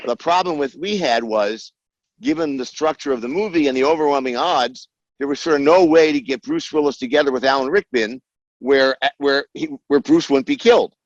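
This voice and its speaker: An older man telling film-set anecdotes in an interview, filling pauses with many ums and uhs and acting out the people he quotes. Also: medium pitch, no room sound, lo-fi sound. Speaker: screenwriter guest.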